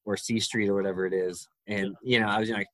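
A man's voice: fairly low pitch, steady tone, fast talker, fairly bright tone, dry recording. A man in his forties, a guest on a podcast, chatting casually in a laid-back, self-deprecating way. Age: 40s. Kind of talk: casual chat.

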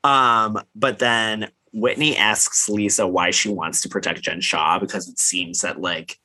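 Man, podcast co-host, bright voice, animated recap chat, jumps into high mocking impressions. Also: unhurried. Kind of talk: casual reality-TV recap chat.

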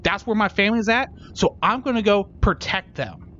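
A man's voice: high voice, animated, normal speed, sharp tone, lo-fi sound, a little hiss or hum. A man playing a tabletop game in character, emphatic and swearing. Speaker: player. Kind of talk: in-character tabletop role-play.

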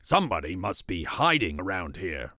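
A man voicing a night watchman in a storybook, a little lower than his reading voice. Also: big pitch swings, normal speed, sharp tone, dry recording, studio quality, full character voice. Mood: puzzled. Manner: puzzled, then kindly.

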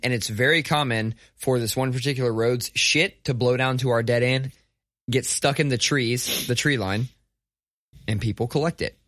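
Male podcast co-host, bright and forceful, profane and animated, dry close sound. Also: mid-range voice, no room sound. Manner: animated, swears a lot, rants with mock outrage. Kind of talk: casual profane storytelling.

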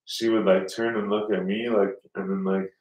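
A man's voice: lowish voice, flat delivery, normal speed, a little mellow. A man telling a rambling story in casual chat, swearing a lot and acting out other people's lines. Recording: roomy sound from a distance.

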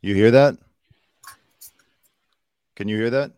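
Deep-voiced sarcastic man hosting a podcast. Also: takes it slowly, a little mellow, clean tone, no room sound. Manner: joking, sarcastic, swears freely. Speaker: podcast host. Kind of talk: casual comedic chat. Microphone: desk mic with headphones.

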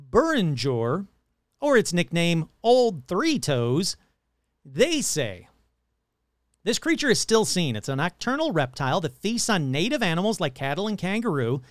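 Male podcast host, casual, swearing, jokey asides, smooth resonant voice, dry close sound. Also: high-pitched, a bit bright, dry recording. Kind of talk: casual monologue on cryptids.

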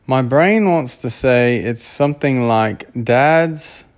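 A man's voice: mid-range voice, slow. A man talking to camera in a casual monologue, rambling and often stopping to search for words. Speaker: vlogger.

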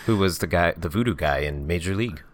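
A young man co-hosting a podcast, teasing and animated in casual chat, on a close studio microphone. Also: low-pitched, fast. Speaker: podcast co-host.

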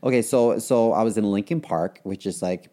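A man's voice: fairly low pitch, moderate pace, mellow, a little hiss or hum. Blunt man telling stories on a podcast. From Chicago. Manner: storytelling, blunt and profane. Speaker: podcast co-host. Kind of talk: casual podcast chat.

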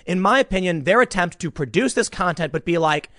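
Animated ranting male commentator. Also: high voice, brisk, hardly any pauses, no echo, clean studio sound. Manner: animated, emphatic, ranting with repeated restarts. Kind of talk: casual online commentary.

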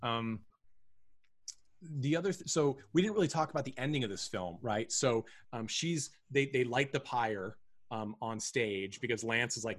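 A man's voice: mid-range voice, moderate pace, no room sound. A man co-hosting a film podcast, recapping a movie in casual chat. He rambles and restarts his sentences often, stacking fillers as he goes. His voice sits in a dry, close-miked sound. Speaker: podcast co-host.

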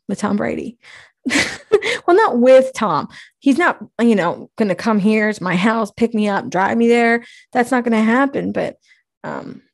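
Rambling, heated woman with a creaky voice. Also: on the high side. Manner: rambling, profane, self-deprecating, heated. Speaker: podcast host. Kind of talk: casual solo sports podcast rant.

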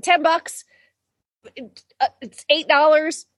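High-voiced woman venting with lots of swearing. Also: fairly even intonation, takes it slowly, a bit bright, dry recording, studio quality. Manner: profane, exasperated venting. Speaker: podcast co-host. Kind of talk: casual chat. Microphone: podcast microphone.

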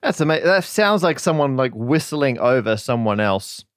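A man's voice: mid-range voice, moderate pace, dry recording, clean studio sound. A man co-hosting a podcast, asking curious questions with frequent restarts. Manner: lively, curious, stumbling restarts. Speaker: podcast co-host. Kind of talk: casual chat on a podcast.

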